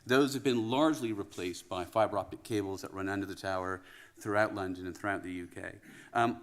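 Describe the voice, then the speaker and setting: A man with a Canadian accent giving a relaxed, wry welcome speech as conference host, with frequent "um" fillers. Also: low voice, a little fast. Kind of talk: welcome address. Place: conference venue in a tower.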